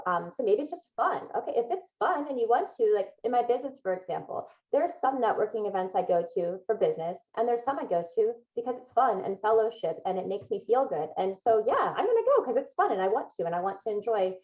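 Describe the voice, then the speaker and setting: A woman's voice: mid-range voice, darkish tone, muffled recording. A woman guest in a podcast interview giving advice in an upbeat, emphatic way, with frequent laughs.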